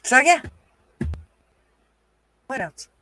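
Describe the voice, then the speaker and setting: A woman's voice: very slow, sharp tone, dry recording, soft background music. A woman from the American South hosting a casual livestream chat, blunt, profane and teasing with her viewers. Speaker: livestream host.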